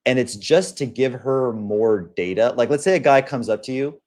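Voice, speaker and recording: A man's voice: mid-range voice, moderate pace, darkish tone. A young man hosting a livestream, talking bluntly and crudely in a casual rant, often acting out the lines of other people. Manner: blunt and profane, acts out quoted lines. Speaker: livestream host.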